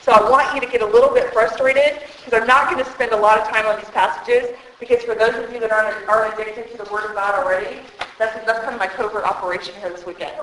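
A woman preaching at a retreat, lively and emphatic, repeating words for effect. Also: on the high side, quick pace, recorded from a distance, slight background noise. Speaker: retreat speaker. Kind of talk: sermon. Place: hall at a church retreat. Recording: echoey hall.

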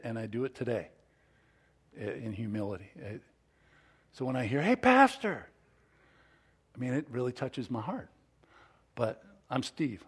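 A middle-aged man preaching a sermon as pastor, folksy and self-deprecating, stumbling over restarts and swinging from soft asides to loud emphasis. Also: medium pitch, breathy edge. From Southern California.

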